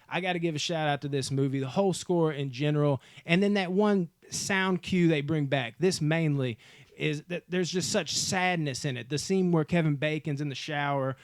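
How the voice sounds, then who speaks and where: A man's voice: on the high side, no echo, studio quality. A man hosting a casual movie vlog, talking enthusiastically to his viewers in slangy, profane speech. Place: home movie room.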